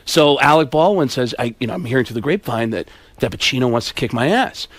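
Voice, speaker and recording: Lively male comic storyteller. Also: mid-range voice, dry recording. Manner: switches voices rapidly, shouts punchlines. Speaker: guest comedian and impressionist. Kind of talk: animated storytelling with impressions.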